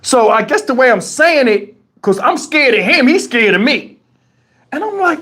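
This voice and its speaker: A man's voice: high-pitched, big pitch swings, a little fast, fairly bright tone, husky. A man hosting a livestream, telling a story in a casual, profane and colloquial way on a lapel mic. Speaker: channel host. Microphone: wireless lapel mic.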